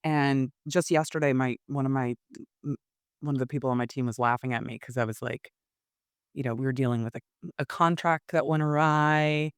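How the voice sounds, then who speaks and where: Expressive woman telling a candid story. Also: rumbling low, fairly quick, smooth, no echo, clean studio sound. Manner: expressive, laughs often, frequent restarts. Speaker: improv teacher and coach, podcast guest.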